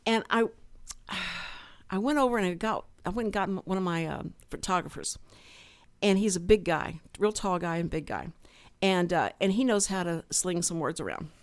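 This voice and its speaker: A woman co-host on a community radio show, speaking at normal speed in a lowish voice, shares a story from work during casual studio chat. She animatedly performs the quoted dialogue of the people involved, and the recording is dry.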